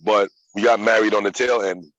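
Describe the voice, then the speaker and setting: Man, 30s, low voice, dry close mic, candid and profane storyteller. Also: fairly even intonation, brisk, fairly bright tone, no echo, muffled recording. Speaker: yoga practitioner sharing his story. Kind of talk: casual personal storytelling.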